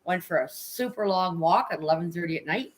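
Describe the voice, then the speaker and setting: A woman's voice: on the low side, lively intonation, a little fast, low-quality recording. A woman livestreamer chatting casually with viewers, frank and emotional, swearing freely and greeting chatters by name. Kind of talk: casual live-stream chat with viewers.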